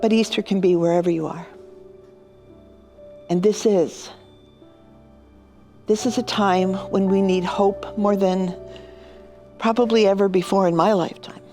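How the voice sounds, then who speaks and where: A woman pastor speaks in a mid-range voice, neither high nor low. She tells a personal story as a devotional reflection, earnest and quietly emotional. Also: fairly even intonation, unhurried, pauses often, faint music behind.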